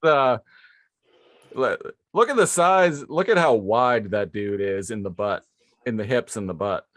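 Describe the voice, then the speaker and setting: A man's voice: fairly low pitch, expressive, a little slow, a bit bright, no echo, clean studio sound. A man co-hosting a casual podcast, joking dryly and asking questions. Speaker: podcast co-host.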